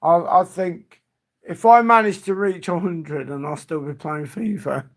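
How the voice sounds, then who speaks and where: A man with a gravelly voice, hosting a live stream and chatting loosely. He rambles from memory to memory, his sentences trailing off as he goes. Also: sits high, unhurried. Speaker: livestream host. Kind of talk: casual reminiscing chat.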